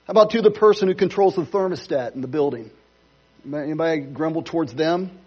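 A man's voice: fairly high pitch, brisk, slightly rough, dull audio. A man pastor preaching a sermon in a church, conversational with playful asides. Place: church sanctuary.

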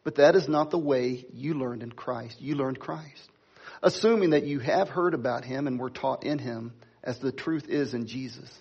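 Husky man preaching a sermon. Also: mid-range voice, darkish tone, lo-fi sound. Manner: preaching with emphatic slow stresses and asides to the congregation. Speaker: pastor.

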